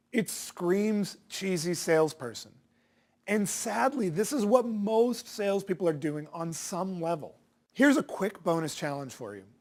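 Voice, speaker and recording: Man coaching with a lively, swinging pitch. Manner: direct, punchy, rhetorical questions. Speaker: sales coach. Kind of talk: instructional talk to viewers.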